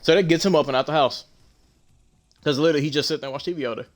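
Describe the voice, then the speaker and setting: A man's voice: on the high side, racing. Blunt, heated young male podcast host. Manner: emphatic, heated retelling of an argument; blunt, swears freely. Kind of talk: casual storytelling monologue.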